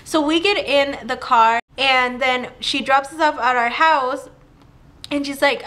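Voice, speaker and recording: A young woman telling a personal story to camera in a chatty, animated way, with "like" all through her talk. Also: high voice, a little slow. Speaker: vlogger. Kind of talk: casual storytime.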